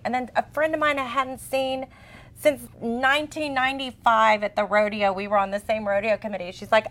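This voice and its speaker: A woman in her forties, co-hosting a casual chat as an expressive, chatty storyteller. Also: a little high, fairly quick. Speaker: co-host.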